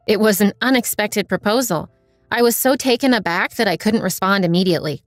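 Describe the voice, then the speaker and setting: A woman giving an even, storytelling narration of a first-person story. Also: mid-range voice, normal speed, no room sound. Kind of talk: scripted narration. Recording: dry voice over faint music.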